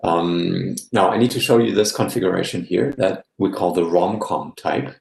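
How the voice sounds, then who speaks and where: A man giving an academic guest lecture in a measured way, often checking in with "yeah?". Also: low-pitched, creaky, echoey room, a little hiss or hum, low-quality recording. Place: live-streamed online talk.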